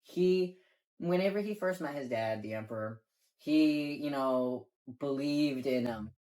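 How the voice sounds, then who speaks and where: A man's voice: medium pitch, unhurried, a little mellow. A man co-hosting a casual chat and explaining game lore in a rambling way, leaning on filler words and swearing now and then. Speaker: co-host.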